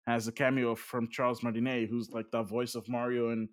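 A man chatting casually about games and films, lively and full of fillers, his voice jumping up when he gets excited. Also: medium pitch, brisk. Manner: animated, filler-heavy, voice jumps up when excited.

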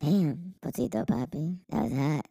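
A woman's voice: low-pitched, expressive, moderate pace, vocal fry, warm tone, breathy edge, dry recording, clean studio sound. A woman joking on a podcast, playfully repeating phrases and mixing Spanish with English. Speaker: podcast host. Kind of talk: casual joking chat.

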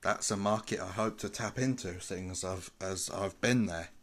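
A man's voice: low voice, normal speed. A man hosting a small solo podcast, rambling and self-mocking as he trips over his own wordplay. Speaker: podcast host. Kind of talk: casual solo podcast chat.

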